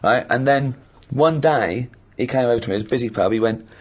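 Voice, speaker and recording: A middle-aged man telling comic anecdotes in casual chat, animated and laughing as he acts out what people said. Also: mid-range voice, fairly quick, dull audio. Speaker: comedy podcast host.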